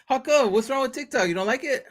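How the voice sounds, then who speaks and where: A very high-pitched man talks fast as he hosts a livestream chat. He keeps the casual banter animated and profane, with plenty of jokes and laughter.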